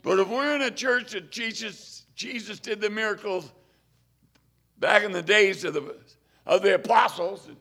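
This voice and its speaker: An older man preaching a storytelling sermon, fervent, swinging between loud exclamations and hushed asides. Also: high voice, moderate pace.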